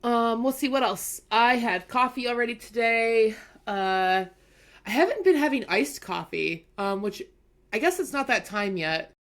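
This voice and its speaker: A woman's voice: fairly high pitch, animated, unhurried, fairly bright tone. A woman co-hosting a chatty podcast, rambling through stories with lots of fillers and frequent giggles. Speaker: podcast co-host. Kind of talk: casual chat.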